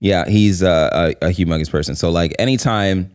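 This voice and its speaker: A man's voice: low-pitched, normal speed, smooth, dry recording, clean studio sound. A man co-hosting a comedy podcast, telling rambling stories full of fillers. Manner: rambling storyteller, lots of "like". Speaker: podcast co-host. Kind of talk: casual chat.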